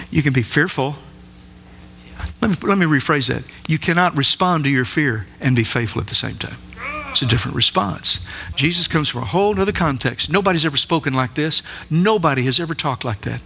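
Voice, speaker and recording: A man's voice: fairly high pitch, lively intonation, moderate pace, gravelly, sharp tone. A man preaching a sermon in a church, emphatic and full of rhetorical questions. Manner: emphatic, asks the listeners many rhetorical questions. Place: church sanctuary.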